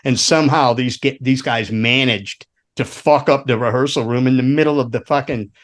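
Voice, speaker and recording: A man's voice: medium pitch, moderate pace. A man telling road stories in a casual podcast chat, swearing freely and acting out the voices of the people he quotes. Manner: profane, animated storyteller who acts out quotes. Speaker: guest, former roadie.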